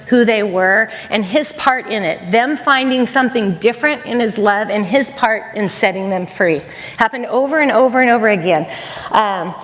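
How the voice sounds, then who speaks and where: A middle-aged woman giving an earnest, conversational chapel talk at a college, repeating phrases for emphasis. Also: on the high side. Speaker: chapel speaker. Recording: long hall reverb.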